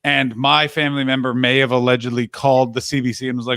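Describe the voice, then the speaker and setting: A man's voice: mid-range voice, little pitch movement, quick pace, hardly any pauses, fairly bright tone, clear, resonant tone, no room sound, clean studio sound. A Canadian man telling rambling travel anecdotes in casual chat, acting out the quoted dialogue. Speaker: podcast co-host.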